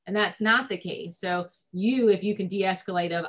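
A woman's voice: mid-range voice, brisk, hardly any pauses. A woman family therapist giving advice in a recorded discussion, conversational with frequent ums and likes.

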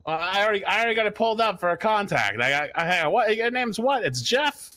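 A man voicing an excitable, bumbling tenant in an improvised game role-play, stammering and flustered. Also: sits high. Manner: stammering, flustered, quick to laugh. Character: bumbling, excitable male city tenant Jimmy.

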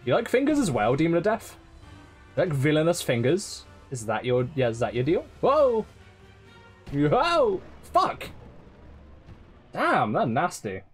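A man's voice: fairly high pitch, sing-song, normal speed, husky, faint music behind. A man streaming a game live, swearing often, laughing and teasing his chat. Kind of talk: live gameplay commentary.

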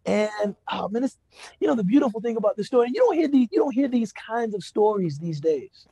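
Man, lecturer, storytelling, high pitch, husky, conversational, dry sound. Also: expressive, fairly quick, mellow, no echo. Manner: conversational, frequent rhetorical "right?" and "you know". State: moved to emotion. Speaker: Islamic speaker giving a lecture.

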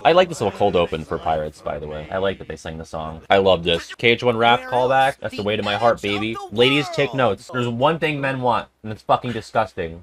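A young man giving profane, jokey, excitable commentary as he plays a video game. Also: on the low side. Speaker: gamer and video host. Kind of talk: let's-play game commentary.

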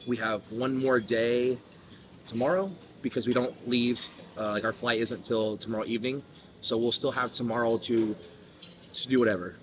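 A man hosting a casual vlog, chatty and upbeat, talking at a hotel breakfast buffet. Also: mid-range voice. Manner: chatty, upbeat, says "bro" and "like". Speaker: vlog host. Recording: busy crowd noise behind. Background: loud crowd chatter.

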